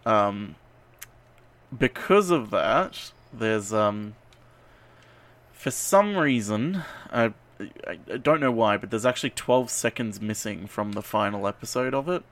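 A man's voice: fairly low pitch, expressive, measured pace, fairly bright tone. A man hosting a casual podcast, teasing his co-host and pedantically correcting details with trivia.

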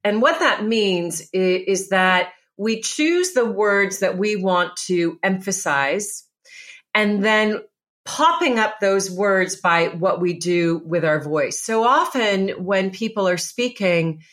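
A woman's voice: mid-range voice, animated, slow, fairly bright tone. A middle-aged woman, a presentation coach, giving emphatic, instructive advice step by step in an interview. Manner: emphatic, instructive, lists steps.

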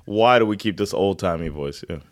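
A man's voice: sits low, fairly quick, dry recording, studio quality. An American man co-hosting a casual sports podcast, laid-back, swearing casually and laughing often. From United States. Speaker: podcast co-host. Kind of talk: casual chat.

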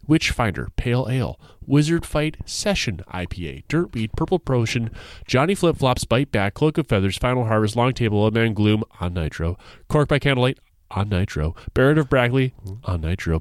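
A man's voice: medium pitch, dry recording. A man co-hosting a casual podcast, joking dryly and reading an ad with mock grandeur. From United States. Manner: dry joking, reads ad copy with mock grandeur. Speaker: podcast co-host. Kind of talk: casual chat.

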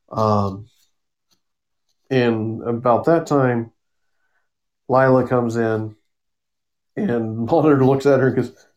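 A man's voice: mid-range voice, slow, pauses often, darkish tone, dull audio. A man casually summarizing a comic book story on a podcast, rambling with fillers and acting out the characters' lines. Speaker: podcast co-host.

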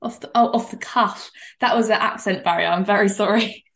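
A young woman co-hosting a casual podcast chat, animated and excitable, often breaking into laughter. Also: fairly high pitch, fairly quick, gravelly. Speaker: podcast co-host.

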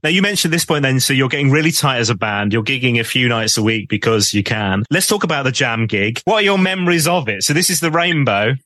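A man hosting a music podcast, asking eager, leading questions and reacting quickly to his guest's answers. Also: medium pitch, lively intonation, sharp tone, dry recording. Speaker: podcast host. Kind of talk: conversational interview.

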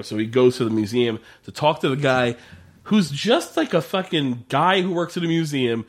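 Lively profane man recapping an episode. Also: medium pitch, moderate pace. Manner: profane, laughing, acts out characters' lines. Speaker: podcast co-host. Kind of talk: casual chat recapping a TV episode.

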